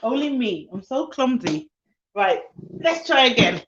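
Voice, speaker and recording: A woman's voice: a little high, animated, unhurried, a bit bright, a little hiss or hum. A woman who works as a nanny and childcare expert, hosting a casual live stream and sounding sleepy. She chats easily, greets her viewers by name and laughs often. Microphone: phone or laptop for a live stream. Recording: dull lo-fi live-stream audio.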